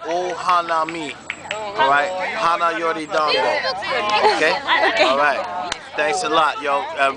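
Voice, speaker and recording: A man talks straight into his camera at an outdoor party, drawling and slangy, swearing as he goes. His voice sits slightly high. A loud crowd chatters all around him. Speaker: vlogger. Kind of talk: casual vlog commentary at a party. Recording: loud crowd noise behind.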